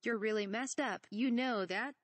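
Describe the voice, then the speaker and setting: A woman's voice: fairly high pitch, normal speed, no room sound, close to an everyday voice. A woman voicing a young male knight who wryly mocks another character, read from a parody script. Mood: mocking. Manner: wry, mocking.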